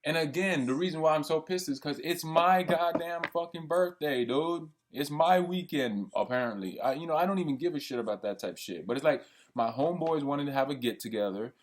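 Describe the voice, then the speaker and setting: A man's voice: fairly high pitch, brisk, hardly any pauses. A young man ranting in a heated, profane, rambling monologue. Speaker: vlogger. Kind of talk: venting monologue.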